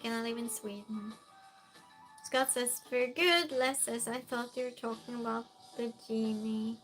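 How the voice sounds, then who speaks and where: A woman hosts a relaxed live-stream quiz. Her voice sits high and sounds bright and clear. She talks slowly, greets viewers one by one and reads their messages aloud, with faint music playing behind her. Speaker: streamer hosting a chat game. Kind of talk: casual live-stream chat.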